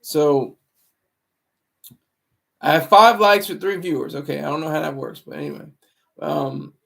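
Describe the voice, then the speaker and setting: A man hosting a live commentary stream talks in a meandering, preachy way, often halting to restart a word. The setting sounds like a home setup for casual streaming, and his slightly high voice is a bit bright with a gravelly fry underneath.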